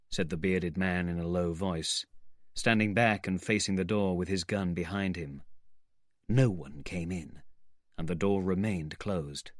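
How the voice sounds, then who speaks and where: A man reading a novel aloud in clear, measured narration for English learners. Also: low voice, no room sound, clean studio sound. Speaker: audiobook narrator.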